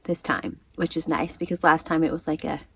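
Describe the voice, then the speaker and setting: A woman's voice: low voice, lively intonation, brisk, husky, dry recording. A woman chatting casually to her viewers, rambling and laughing often as she tells her story. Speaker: crochet vlogger. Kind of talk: casual chat.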